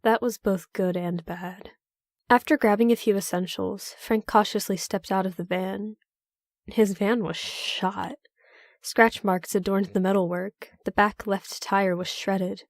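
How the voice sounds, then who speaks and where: A woman's voice: mid-range voice, steady tone, unhurried, dry recording, clean studio sound. Woman narrating a horror story.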